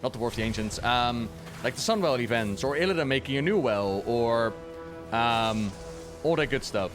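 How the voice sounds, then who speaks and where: A man's voice: mid-range voice, animated, moderate pace, music in the background. A man streaming a video game, chatting casually about its lore with jokes and casual swearing. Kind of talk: casual lore commentary while playing.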